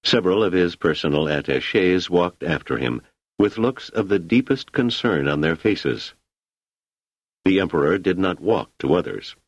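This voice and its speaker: A man narrating an audiobook in an expressive storytelling manner. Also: low voice, moderate pace, breathy edge, dry recording. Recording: slightly muffled lo-fi recording.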